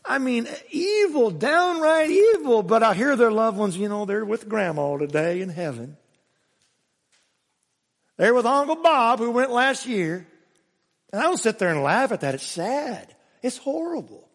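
A male pastor preaching a sermon, emphatic, swinging between raised exclamations and hushed asides. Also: very high voice, big pitch swings, a little slow, big-room sound. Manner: emphatic preaching with sudden rises and hushed drops.

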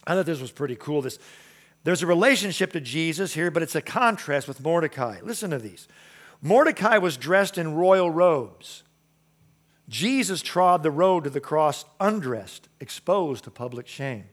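A man preaching a sermon in an emphatic, repetitive way, moving between loud declarations and soft, quiet lines. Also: a little high, expressive, normal speed. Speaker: pastor.

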